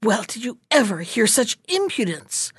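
A woman's voice: fairly high pitch, sing-song, normal speed, slightly rough, no room sound, clean studio sound, exaggerated voice. Woman voicing an angry, scornful market mother. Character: market woman mother, middle-aged, grieving and harsh.

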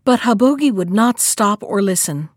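A woman reading a fairy tale aloud in a measured, expressive storytelling manner. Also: mid-range voice, no echo, clean studio sound.

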